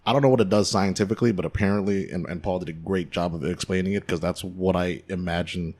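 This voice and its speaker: A man's voice: deep voice, steady tone, quick pace, darkish tone. A man hosting a casual podcast, asking rambling, joking questions. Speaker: podcast host. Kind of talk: casual chat.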